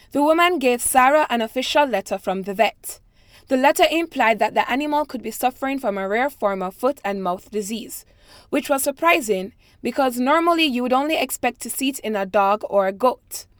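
A woman with a Jamaican accent speaks in a fairly high voice. She reads a passage aloud and talks about her accent at a steady, careful pace. The sound is dry and close. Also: dry recording. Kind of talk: reading a set passage, then explaining her accent.

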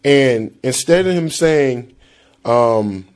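Florida man telling animated stories. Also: on the low side, a little slow. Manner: animated, laughs, does impressions. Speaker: dialect recording subject. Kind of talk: read passage then casual storytelling.

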